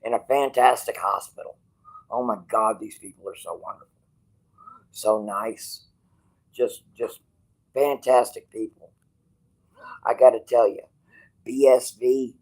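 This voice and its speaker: A man livestreaming from a hospital bed, rambling bluntly and with swearing, going from quiet musing to loud, stubborn outbursts. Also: mid-range voice, steady tone, unhurried, pauses often, poor audio. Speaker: streamer.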